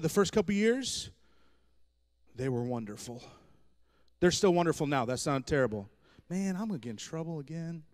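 A man in his thirties preaching a humorous sermon, telling stories from his own marriage with self-deprecating jokes. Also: high voice. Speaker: pastor.

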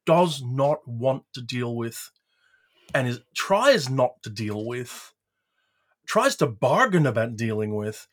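A man co-hosting a podcast interview, enthusiastic and talking his points through at length before asking a question. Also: medium pitch. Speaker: podcast co-host. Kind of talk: casual interview talk.

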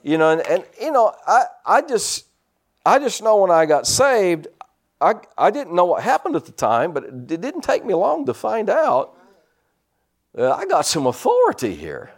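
A man's voice: high voice, moderate pace. A man preaching a sermon, telling personal stories and punctuating them with amens and hallelujahs. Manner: animated storytelling with frequent amens and hallelujahs.

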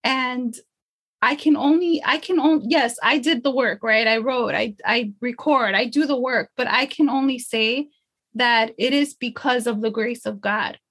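A woman's voice: fairly high pitch, a little slow, fairly bright tone, husky. A woman empowerment coach in a casual podcast conversation, speaking earnestly and emotionally from her faith.

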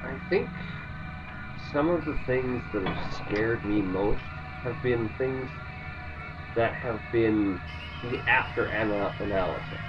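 A man rambles through gaming lore in a casual chat and breaks into theatrical bursts of mock panic. He sits back from the mic, so his voice sounds muffled. Music plays clearly behind him. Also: medium pitch, slow, distant mic.

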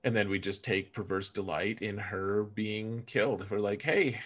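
Male podcast co-host, lowish voice, jokey and animated, stumbles and restarts a lot. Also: moderate pace, a little hiss or hum. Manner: animated and joking, stammering restarts. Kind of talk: casual gaming podcast chat.

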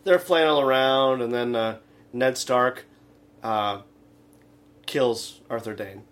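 A man co-hosting a comedic radio talk show, retelling scenes in a rambling, halting way full of fillers. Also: mid-range voice, fairly bright tone. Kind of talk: casual comedic chat.

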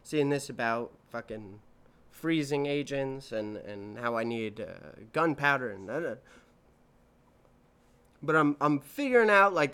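This solo podcaster, a man in his twenties, tells profane, rambling stories in a casual monologue, frequently correcting himself. His voice is fairly high, fairly bright, clear and resonant.

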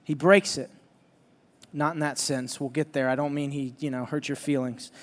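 A man preaching a sermon, telling a lively personal story and teasing his listeners. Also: mid-range voice, normal speed, long reverb tail. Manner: animated, joking storyteller who teases the audience.

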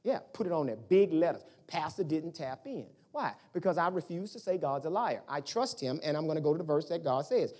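A pastor in mid-sermon with a lively voice that swoops up and down in pitch. The delivery is conversational and animated, built on rhetorical questions thrown at the congregation. A middle-aged speaker, talking plainly and directly. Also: fast, few pauses.

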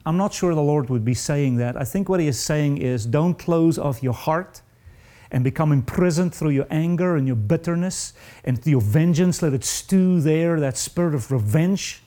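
A man preaching a sermon in an earnest, confessional way, rising high in pitch when he reads out the hardest verses. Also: normal speed, warm tone.

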